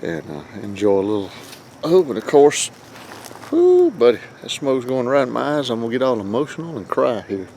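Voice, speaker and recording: A man's voice: medium pitch, lively intonation, brisk, darkish tone. A middle-aged man chatting casually, rambling and joking at his own expense, outdoors by a grill before dawn. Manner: folksy, rambling, self-deprecating. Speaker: vlog host. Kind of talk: casual outdoor vlog chat. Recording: faint outdoor background noise.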